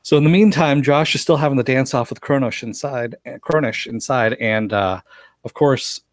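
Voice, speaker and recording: A man's voice: mid-range voice, moderate pace, dry recording. A man giving a casual live recap of a TV episode, chatty and often laughing as he retells scenes. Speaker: show reviewer.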